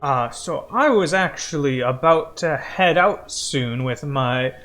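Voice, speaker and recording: Guy putting on a jittery centaur bridegroom, higher than his usual voice, slow and fumbling, faint music behind. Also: lively intonation, a bit bright. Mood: friendly. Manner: nervous, fumbling, overly cheerful. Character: eager evasive male centaur groom.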